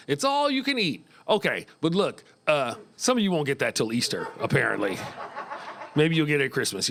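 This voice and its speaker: A middle-aged American man doing a stand-up set in a small club, animated, often jumping into high voices. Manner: animated, jumps into high squeaky voices for kids. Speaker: stand-up comedian. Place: small comedy club stage.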